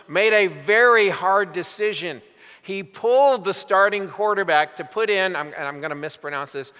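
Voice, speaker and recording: An older man preaching a sermon as pastor, telling stories emphatically and slowing down for weight. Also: sits high, bright, forceful tone. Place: large church sanctuary. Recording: long hall reverb.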